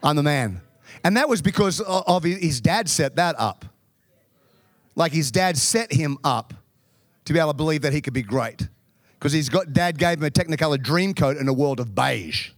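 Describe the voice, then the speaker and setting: A man preaching a sermon in a lively, joking way with quick asides. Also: a little high, no room sound, studio quality. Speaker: pastor.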